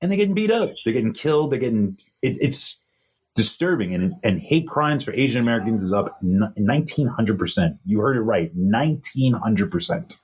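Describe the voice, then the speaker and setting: A man's voice: medium pitch, big pitch swings, fairly quick, husky. A young man co-hosting a podcast in casual news chat, earnest and repeating himself for emphasis. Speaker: podcast co-host.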